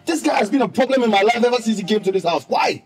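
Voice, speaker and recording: A high-pitched young man plays a betrayed father. He accuses and demands in relentless repeated questions. Soft music runs underneath. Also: very animated, a little fast, husky, heavily acted. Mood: furious. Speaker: son confronting his mother. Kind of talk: TV drama acting.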